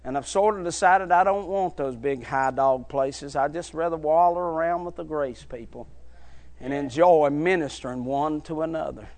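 A man preaching a fervent sermon, dropping low and quiet, then building to shouted peaks. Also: normal speed. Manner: swings from hushed low drops to shouted high climaxes.

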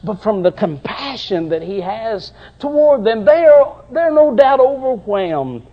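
A middle-aged man preaching a sermon with passion, dropping at times to soft, tender passages. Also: extremely high pitch, a little slow, dull audio.

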